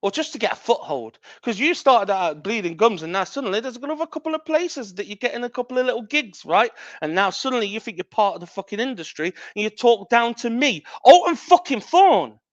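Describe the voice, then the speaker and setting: A man's voice: high-pitched, animated, quick pace, few pauses, fairly bright tone, dry recording, lo-fi sound. A man, a wrestling champion cutting an angry, profane, taunting promo as a podcast guest.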